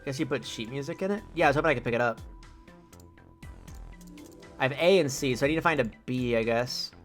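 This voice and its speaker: A young man with a medium-pitched voice streams a video game, talking fairly quickly over soft background music. His let's-play commentary is casual and rambling, packed with fillers as he chats with viewers.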